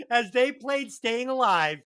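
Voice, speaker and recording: A woman's voice: a little high, slow, smooth. A woman co-hosting a comedy movie podcast, swearing freely as she rants about films. She talks emphatically, working herself up as she retells scenes. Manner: profane, animated, emphatic storytelling. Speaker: podcast co-host. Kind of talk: casual movie-review chat.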